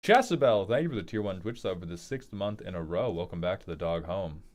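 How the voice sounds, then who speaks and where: Young male streamer, low voice, casual rambling chat with viewers, playful. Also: lively intonation, fast talker. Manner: rambling, joking, reads viewer messages aloud.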